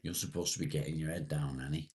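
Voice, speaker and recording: A man with a British accent, hosting a casual live stream and chatting with viewers. He reads their comments aloud, relaxed and conversational, with casual swearing. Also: rumbling low, fast, slight background noise.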